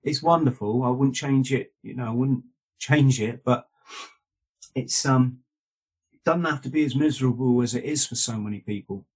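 A man tells long stories as a guest, doubling back on himself and correcting details as he goes. His voice is husky and sits at a middle pitch. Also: moderate pace, darkish tone. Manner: restarts and asides, self-correcting. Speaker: guest, author. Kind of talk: rambling anecdotal storytelling.

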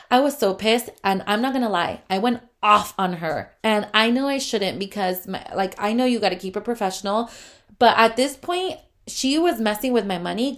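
A woman's voice: medium pitch, lively intonation, normal speed. A young adult woman, a photographer, telling a heated, profane storytime rant full of fillers.

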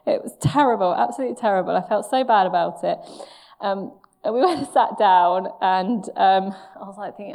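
A woman's voice: lowish voice, fast, creaky, darkish tone. Candid woman preaching a sermon. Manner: candid, self-mocking storytelling with laughs. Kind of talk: sermon with personal story.

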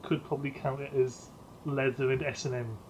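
A man's voice: medium pitch, level tone, a little fast, darkish tone, a little hiss or hum. A man hosting a casual podcast game, playful and sweary, who laughs often. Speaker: podcast host running a name game. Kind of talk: casual chat.

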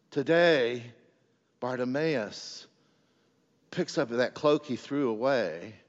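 A male pastor gives an animated, emphatic sermon, swinging suddenly from forceful cries to near-hushed asides. His mid-range voice carries a long hall reverb, and the recording sounds somewhat dull and muffled.

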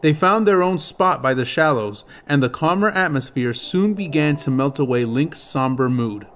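A man reading a fantasy novel aloud as an audiobook narrator, in a steady, measured storytelling manner. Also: fairly high pitch. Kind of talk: scripted narration.

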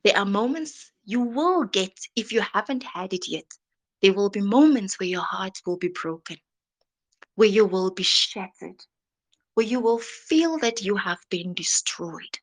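A woman giving an inspirational sermon, dramatic and often dropping to a soft whisper. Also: mid-range voice, expressive, unhurried. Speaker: motivational speaker.

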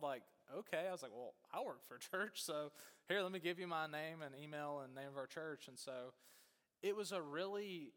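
Male pastor, casual storyteller, higher voice, church-hall reverb. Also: moderate pace. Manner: chatty, animated storyteller, lots of fillers.

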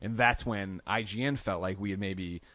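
A podcast guest tells stories casually in a studio interview, raising his voice to act out quoted lines. His voice sits low, with a moderate pace and a pushed, bright quality. The recording has no room sound.

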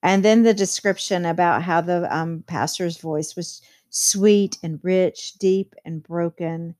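A woman's voice: on the low side, fairly even intonation, slow pace, darkish tone. A woman teacher explaining a novel chapter to her students, reading quotes aloud and adding plain commentary.

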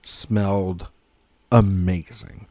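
A man co-hosting a casual film podcast, talking in animated, rambling tangents and swearing freely. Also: sits low, very slow, no room sound, clean studio sound. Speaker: podcast co-host. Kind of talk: casual film-discussion chat.

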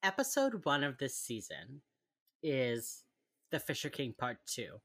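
A woman's voice: very deep voice, huge pitch swings, a little slow, fairly bright tone, husky, no echo, clean studio sound. A woman co-hosting a casual chat show, laid-back and teasing, asking questions. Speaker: podcast co-host.

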